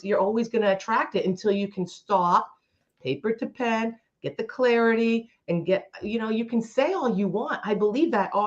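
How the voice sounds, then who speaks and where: Female co-host, workshop-leader energy; emphatic, speaks straight to listeners, slightly muffled audio. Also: on the high side. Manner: emphatic, preachy, addresses listeners directly. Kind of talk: casual motivational chat. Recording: slightly dull lo-fi sound.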